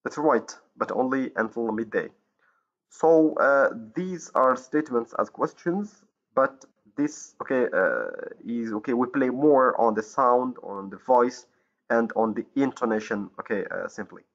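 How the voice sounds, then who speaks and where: A man's voice: medium pitch, unhurried. Moroccan guy teaching english grammar, lots of uhs and restarts, muffled lo-fi mic. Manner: hesitant, many fillers and self-corrections. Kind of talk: recorded grammar lesson. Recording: dull lo-fi recording.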